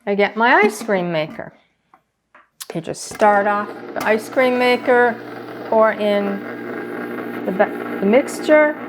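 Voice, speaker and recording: A woman's voice: medium pitch, lively intonation, slow, pauses often, background noise. A woman hosting a casual home cooking demonstration, chatting and explaining each step as she works. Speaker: cooking channel host.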